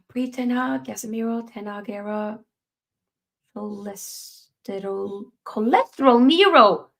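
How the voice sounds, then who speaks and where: A woman hosts a live football stream, talking casually and reacting to viewer messages. She is animated and chatty, swinging into playful put-on voices now and then. Her voice sits at a middle pitch for a woman. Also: slow, creaky. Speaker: football channel host reading live chat.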